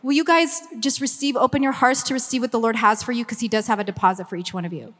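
A fifty-something woman with a Valley Girl accent from Southern California speaks to a church meeting, bubbly and chatty, full of "like". Her voice sits fairly high for a woman. It rings out with the long reverb of a hall. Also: quick pace, fairly bright tone. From Los Angeles, USA. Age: 50s. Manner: bubbly, effusive, chatty with frequent "like". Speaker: ministry communications director. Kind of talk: church meeting talk and prayer.

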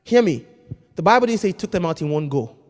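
A man preaching a sermon, swinging between hushed intensity and shouting. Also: a little high, lively intonation, fast, big-room sound.

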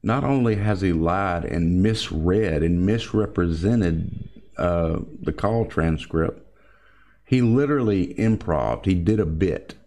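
A man's voice: low voice, expressive, slow, mellow. A man delivering an opinionated political commentary monologue, speaking emphatically and calling his listeners folks.

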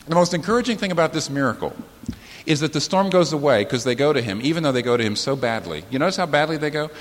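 An animated pastor preaches in a church sanctuary, shifting from low, unhurried, weighty phrases with pauses to sudden loud, high-pitched surges of passion. The sermon echoes through a large hall, with faint hiss in the recording.

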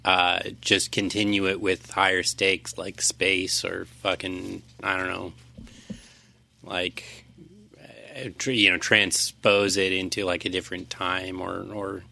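Gravelly man rambling about a film. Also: deep voice, level tone, takes it slowly, bright, forceful tone. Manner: rambling, many fillers and restarts. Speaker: podcast guest. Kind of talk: casual movie chat.

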